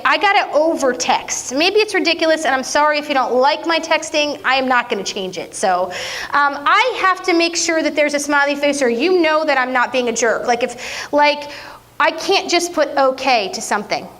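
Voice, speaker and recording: A woman preaching a conversational sermon, playful and self-mocking, with lively jokes. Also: sits high.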